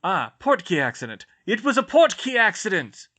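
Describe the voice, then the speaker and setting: Guy doing a protective wizard dad type, urgent but reassuring, bright voice. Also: on the high side, moderate pace. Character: protective adult wizard godfather.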